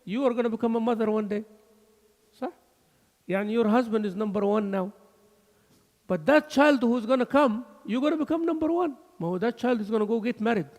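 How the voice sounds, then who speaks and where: Animated man teaching in an echoing mosque. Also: high-pitched, gravelly. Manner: animated, switching between English and Arabic, laughing asides. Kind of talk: mosque lesson. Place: mosque hall.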